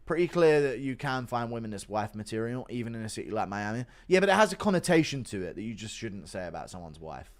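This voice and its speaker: A man's voice: lowish voice, sing-song, fast talker, few pauses. A man streaming casual commentary, reading out donations and reacting bluntly, swearing often and rambling with lots of fillers. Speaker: streamer reacting to MMA news.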